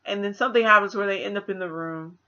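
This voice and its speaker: A woman's voice: mid-range voice, quick pace. Chatty woman reviewing a movie. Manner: chatty and animated, acts out quotes with laughs. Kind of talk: casual spoiler movie review. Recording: slightly dull lo-fi audio.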